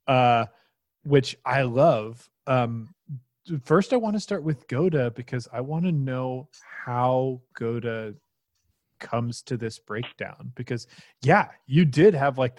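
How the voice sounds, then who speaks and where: A man's voice: mid-range voice, a little mellow, no room sound, clean studio sound. A young man running a tabletop role-playing game as game master, narrating with playful relish.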